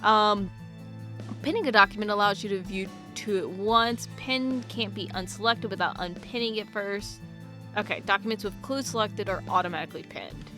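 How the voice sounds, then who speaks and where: A young woman talking casually over a game she is playing, joking and poking fun at herself at a middling pitch. Game music plays clearly in the background. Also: normal speed, pushed and bright. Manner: joking and self-mocking. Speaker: gaming YouTuber. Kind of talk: casual let's-play commentary.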